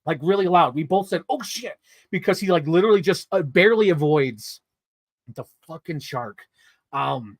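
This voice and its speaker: Excitable rambling man reviewing movies. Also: on the high side, moderate pace, no echo, studio quality. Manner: excitable rambling storytelling with swearing and fillers. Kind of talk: casual movie review vlog.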